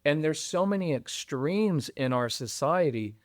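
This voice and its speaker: A middle-aged man guesting on a podcast about parenting, who talks in an animated, conversational way and acts out what other people say. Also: unhurried, dry recording, studio quality. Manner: animated, acts out quoted voices with jumps in pitch. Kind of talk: conversational interview.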